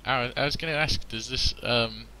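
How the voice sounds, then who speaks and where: A man's voice: medium pitch, a little fast, pushed and bright, a little hiss or hum, poor audio. A man playing a tabletop role-playing game, chatting offhandedly and mumbling about his character's actions. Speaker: player. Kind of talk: casual tabletop play.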